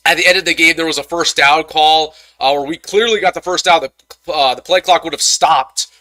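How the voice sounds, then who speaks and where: Young man, livestream football reaction host, frustrated ranting, stammering, slightly high voice, dry close sound. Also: normal speed, sharp tone, dry recording. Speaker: sports commentator host. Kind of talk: live-stream postgame reaction.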